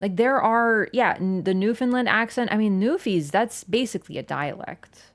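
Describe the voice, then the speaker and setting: A young woman from Ontario, Canada, streams a game and chats casually, rambling and peppering her talk with "like." Her voice is mid-range at a normal speed.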